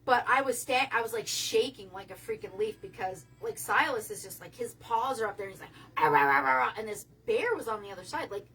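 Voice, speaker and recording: A woman's voice: fairly high pitch, a little fast, few pauses, fairly bright tone, breathy edge, recorded from a distance, low-quality recording. A woman casually telling a long story on a livestream, rambling and restarting her sentences, swearing now and then.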